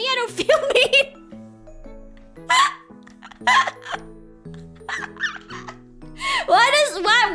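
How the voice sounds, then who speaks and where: A woman's voice: very high voice, pushed and bright. A young woman streamer chatting casually and reading chat, rambling and laughing, insisting with repeats.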